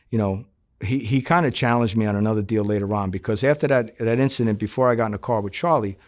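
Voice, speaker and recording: Middle-aged guy telling mob stories, acts out the dialogue, swears a lot. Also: lowish voice. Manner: animated, acts out quoted dialogue, swears freely. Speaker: former undercover FBI agent, interviewee. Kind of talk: storytelling interview.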